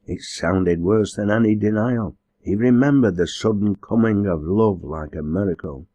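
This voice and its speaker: A man reading a novel aloud as an audiobook narrator, in a measured, earnest way. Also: fairly low pitch, warm tone, no echo. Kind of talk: scripted narration.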